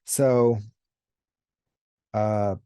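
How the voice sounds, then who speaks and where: A man hosting a casual commentary video, talking in a relaxed, unhurried way with many fillers and now and then acting out characters' lines. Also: on the low side, clean tone, no room sound, studio quality. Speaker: YouTube host discussing manga.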